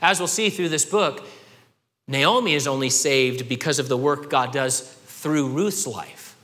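A man preaching a sermon with animated delivery, acting out the voices of people in the scripture he quotes. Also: medium pitch, measured pace, long reverb tail. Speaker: pastor.

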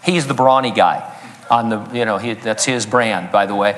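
Joking pastor in a reverberant hall. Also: male voice, lowish voice, normal speed, fairly bright tone. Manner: joking asides, chuckles at own jokes. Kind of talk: sermon. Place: church sanctuary.

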